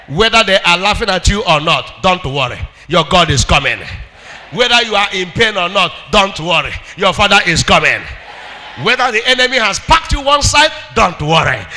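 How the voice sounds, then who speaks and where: Nigerian male preacher, very high and piercing, shouting call-and-response in a reverberant church hall. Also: sing-song, normal speed. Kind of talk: sermon.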